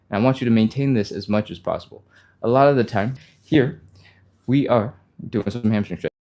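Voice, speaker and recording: A man hosting a live stretching stream, talking fast and upbeat, laughing often as he walks viewers through each move. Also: lowish voice, a little mellow. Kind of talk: live workout instruction.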